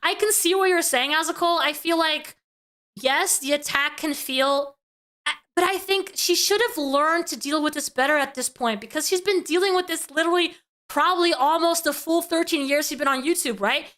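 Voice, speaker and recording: Animated high bright woman streamer. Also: normal speed. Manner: animated, repeats words when worked up. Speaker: reaction streamer host. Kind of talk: live reaction commentary.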